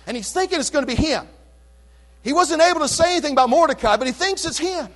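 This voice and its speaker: High, bright-voiced preacher telling a story. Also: male voice, quick pace. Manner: animated, chatty retelling with asides. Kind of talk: sermon storytelling.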